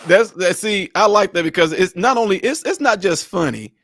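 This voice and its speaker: A man hosting a casual chat, telling animated stories and laughing often. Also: high voice, moderate pace, dry recording, studio quality. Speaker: host.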